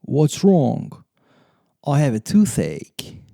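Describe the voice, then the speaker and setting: A man reading English lesson phrases and example sentences in a slow, deliberate drill style. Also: mid-range voice, huge pitch swings, vocal fry, mellow, dry recording, studio quality. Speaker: English teacher.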